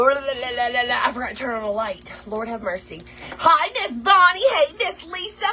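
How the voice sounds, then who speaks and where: Lady live streaming crafts, chatty and folksy, high sparkly voice. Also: pushed and bright. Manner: bubbly, folksy, greets viewers by name. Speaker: craft livestream host. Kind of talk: chatty livestream greeting viewers.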